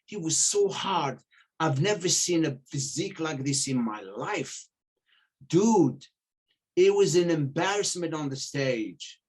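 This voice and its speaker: A middle-aged man telling stories in casual chat, animated, acting out the voices of the people he quotes and swearing freely. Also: a little high, slow pace, breathy edge. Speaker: podcast guest telling stories.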